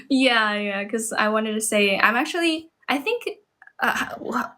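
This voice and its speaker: A woman's voice: a little high, expressive, slow, crowd noise. A woman from China speaking English with a Chinese accent, an online English teacher chatting casually and laughing often. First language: Mandarin. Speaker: online English teacher and live-stream host. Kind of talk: casual English practice chat.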